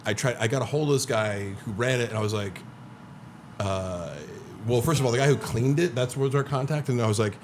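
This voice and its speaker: A man's voice: medium pitch, fairly quick, a little hiss or hum. Man telling a wild story, filler-heavy. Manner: animated storyteller, filler-heavy, swears often, acts out quotes. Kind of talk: casual chat.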